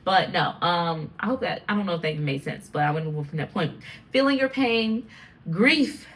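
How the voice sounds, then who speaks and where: An American woman in her twenties hosting a casual solo podcast chat, animated and rambling, with frequent laughs. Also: fairly low pitch, moderate pace, slight background noise. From United States. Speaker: podcast host.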